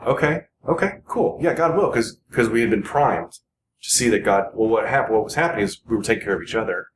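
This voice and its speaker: A man in his forties, a podcast guest, talking earnestly in a rambling, halting way full of restarts. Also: on the low side. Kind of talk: casual podcast conversation. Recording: echoey room with noticeable background noise.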